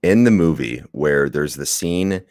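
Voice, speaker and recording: Podcast co-host, male, very deep voice, dry close sound, argues back with swearing. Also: animated, unhurried, a little mellow, dry recording. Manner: defensive, profane, laughing. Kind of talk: casual podcast chat.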